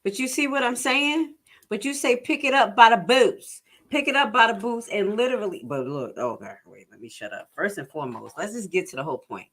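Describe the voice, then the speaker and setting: Bright-voiced woman rambling through commentary. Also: medium pitch, animated, brisk. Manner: rambling, jokey, full of asides and self-corrections. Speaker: commentary vlogger. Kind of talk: casual commentary.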